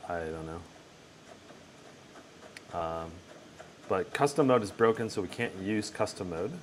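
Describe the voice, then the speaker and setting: A man's voice: deep voice, expressive, unhurried, background noise. A man hosting a live tech stream, casually commenting on gameplay while answering chat questions. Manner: casual, thinking aloud with fillers.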